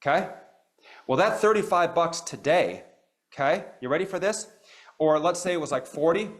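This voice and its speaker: A middle-aged man leads a live coaching seminar, his voice sitting a little high. He talks animatedly and tosses "okay?" in after nearly every point. He calls on people in the room and asks them direct questions. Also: moderate pace. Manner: animated, keeps checking in with "okay?". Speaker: practice coach. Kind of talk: live training seminar talk.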